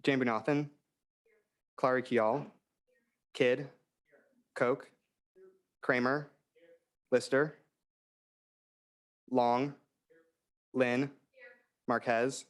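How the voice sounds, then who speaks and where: Young man calling the roll, very slow and deliberate, mid-pitched voice. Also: fairly even intonation. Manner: reads names one by one, apologizes for stumbles. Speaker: interim secretary.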